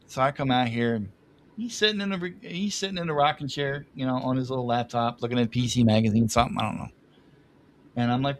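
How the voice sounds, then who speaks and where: A man's voice: mid-range voice, fast, a little hiss or hum. Rambling, laughing man telling stories. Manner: rambling, laughs often, self-deprecating. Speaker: podcast guest. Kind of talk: casual storytelling.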